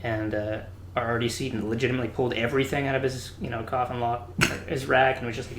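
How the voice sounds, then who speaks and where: A man telling lively stories in a casual chat, acting out quotes between laughs. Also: mid-range voice, fast. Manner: animated, acts out quotes with laughter. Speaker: podcast guest. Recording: roomy with faint background hiss.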